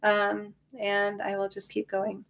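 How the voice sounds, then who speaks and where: A woman of middle pitch talks in a casual livestream, tired but reassuring, answering her viewers one by one. Her voice comes through a phone or webcam mic. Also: completely flat delivery, slow pace, a bit bright. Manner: chatty, reassuring, reads and answers viewer comments. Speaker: spiritual livestream host.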